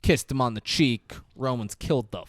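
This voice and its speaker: A man's voice: medium pitch, moderate pace, no echo, studio quality. A man co-hosting a podcast, casual and profane, mocking characters as he comments on a movie. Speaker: podcast co-host. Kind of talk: casual movie review chat.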